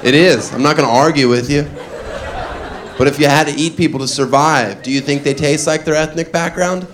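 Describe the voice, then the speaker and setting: A man's voice: a little high, brisk, slight background noise. Brash male stand-up comic, live crowd. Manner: brash, self-mocking, provocative. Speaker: stand-up comedian. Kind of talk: stand-up comedy routine. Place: comedy club stage. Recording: live club with crowd laughter. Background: audience laughter and chatter.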